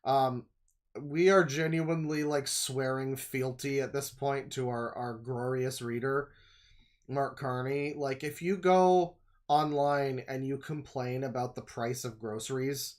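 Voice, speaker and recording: A man's voice: mid-range voice, steady tone, measured pace. A man from Canada, streaming and reacting to a video with profane, sarcastic, exasperated rants. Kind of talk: casual ranting commentary.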